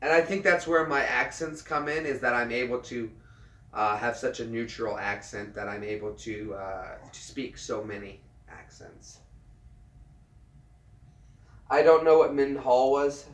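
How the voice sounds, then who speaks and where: A man in his thirties, a military veteran, chatting casually on a livestream, earnest and halting, often repeating himself as he restarts a thought. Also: mid-range voice, fairly bright tone. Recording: roomy sound, mic at a distance.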